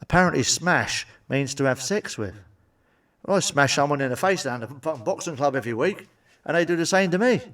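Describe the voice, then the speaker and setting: A man's voice: on the high side, expressive, fairly quick, fairly bright tone, distant mic. A man doing crude stand-up comedy, blunt and sweary, with frequent asides to the audience. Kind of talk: crude stand-up joke telling.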